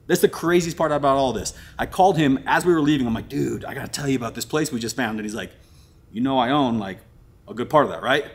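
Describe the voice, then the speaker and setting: A man hosts an exploring vlog with a husky, slightly breathy voice at an ordinary pitch. He tells his story casually and gets excited, dropping "dude" and "crazy" often. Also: fast talker. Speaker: vlogger host. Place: abandoned resort building, indoors.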